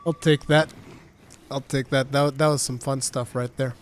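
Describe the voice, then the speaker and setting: A man's voice: medium pitch, steady tone, moderate pace. A man in his thirties streaming a video game, chatting casually, laughing often and swearing freely. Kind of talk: casual gameplay commentary.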